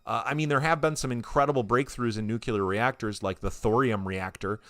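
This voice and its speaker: A man's voice: mid-range voice, fairly quick, a bit bright, dry recording. A man co-hosting a comedy podcast, chatting casually, reading headlines aloud and laughing a lot. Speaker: podcast co-host.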